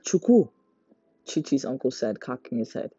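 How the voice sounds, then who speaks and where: Reader: woman, animated novel narration, warm low tone, dull dry recording. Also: moderate pace, husky, no room sound. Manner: lively character voices, high for the girls. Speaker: audiobook reader. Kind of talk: reading a novel aloud.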